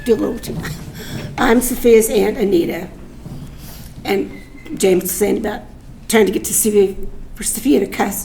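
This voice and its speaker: A woman's voice: mid-range voice, steady tone, moderate pace, creaky, pauses often, slight background noise. A woman, an aunt, telling humorous family stories at a memorial gathering into a handheld microphone. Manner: warm, humorous storytelling with laughter. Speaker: aunt giving a eulogy. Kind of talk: storytelling at a memorial.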